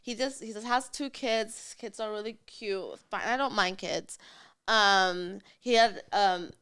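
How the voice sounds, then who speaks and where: A woman's voice: mid-range voice, a little slow, fairly bright tone, smooth. A woman hosting a casual podcast chat, telling a dating story and laughing often. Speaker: podcast host.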